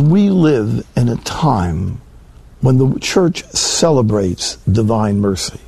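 Gravelly earnest preacher man. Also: medium pitch, mellow, no room sound. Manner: earnest, rising to emphatic peaks, quoting scripture slowly. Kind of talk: sermon.

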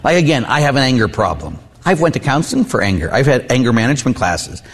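A man's voice: mid-range voice, very animated, fast, gravelly, breathy edge. A middle-aged man, a Catholic priest, preaching a conversational sermon with personal stories and frequent "huh?" asides. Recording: long hall reverb.

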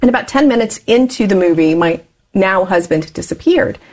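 A woman's voice: mid-range voice, animated, a little fast, a little mellow. A woman in her forties, an interview guest telling her life story candidly and laughing often as she talks.

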